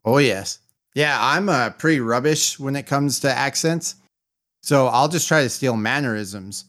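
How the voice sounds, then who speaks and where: A man co-hosting a casual podcast, telling a relaxed, anecdotal story. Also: medium pitch, a little slow.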